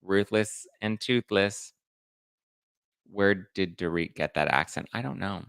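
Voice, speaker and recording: A young man hosting a gossip live stream, chatty and camp. He sits low in pitch, with a bright, crisp tone over some vocal fry. The sound is close and dry. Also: takes it slowly, no echo. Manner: chatty, camp, reads viewer comments and acts out quotes. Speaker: host. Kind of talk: live-stream pop culture chat.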